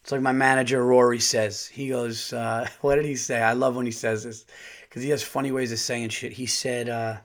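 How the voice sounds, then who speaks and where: A comedian tells a story on his podcast at a quick, loose clip. His voice sits in a middle pitch, and he is full of asides, restarts and casual cursing. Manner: rambling, profane, animated storytelling.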